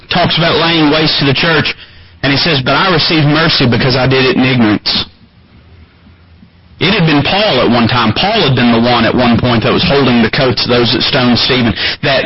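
A man preaching a sermon as pastor, emphatic and climbing higher in pitch to drive points home. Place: church sanctuary. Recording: muffled lo-fi church recording with congregation.

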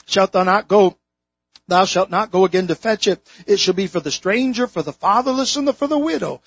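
A man preaching a sermon from the pulpit, stressing key words and slowing down on them, his throat strained. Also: sits high, husky, no echo. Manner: emphatic preaching, dwelling slowly on key words. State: throat strain, holding back tears. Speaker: pastor. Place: church sanctuary, from the pulpit. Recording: dull lo-fi sermon recording.

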